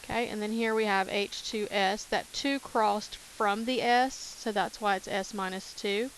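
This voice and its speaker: A woman's voice: medium pitch, steady tone, a little slow, a little hiss or hum, poor audio. A woman teacher talking through chemistry notes in a casual way, repeating key terms with many fillers. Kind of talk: recorded lecture over notes.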